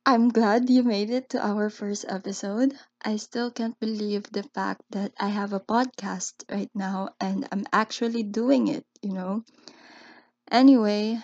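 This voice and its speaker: Slow, reflective young Filipino woman podcaster. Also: mid-range voice, darkish tone, dry recording, highs cut off. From Philippines. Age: young adult. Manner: earnest, reflective, slow and deliberate. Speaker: podcast host. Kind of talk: solo podcast monologue.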